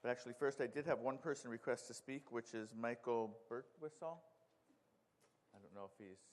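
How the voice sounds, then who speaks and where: Male moderator running a meeting in a hall. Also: medium pitch. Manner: procedural, firm, slightly halting with fillers. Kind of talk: chairing a public meeting. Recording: long hall reverb.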